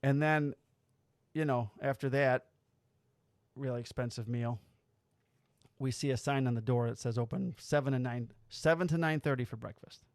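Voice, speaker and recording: A podcast host, a man with a medium-pitched voice, tells stories in casual chat, animatedly acting out quotes and swearing freely. The recording is studio quality with no echo.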